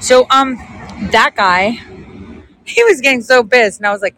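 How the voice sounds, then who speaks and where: A woman's voice: on the high side, unhurried, long pauses, a bit bright, no echo, rough recording. A woman telling a story in a casual vlog, chatty and sarcastic, often laughing. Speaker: vlogger.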